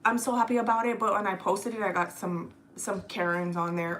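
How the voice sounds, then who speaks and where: A woman's voice: mid-range voice, a little fast, few pauses, a bit bright, slight background noise. Chatty mother vlogging while cooking. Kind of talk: casual cooking vlog chat. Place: home kitchen.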